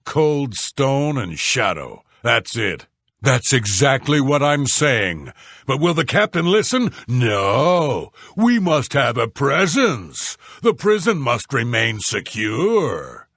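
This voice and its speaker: An actor voicing a series of rough male warriors, guards and sailors in video game dialogue, blunt and scornful. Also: medium pitch, fairly bright tone, dry recording, clean studio sound, full character voice.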